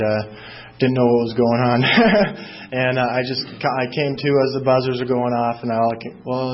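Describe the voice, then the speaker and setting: A man speaking at a recovery meeting, telling his story in a halting way with many fillers and restarts. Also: mid-range voice, muffled recording. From Southern California.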